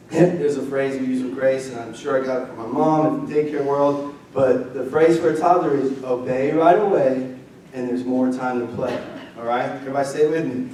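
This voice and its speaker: A young man preaching a lively, conversational sermon as pastor, leading the congregation in call-and-response. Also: mid-range voice, a little fast, slight background noise. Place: church sanctuary. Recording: roomy distant church mic.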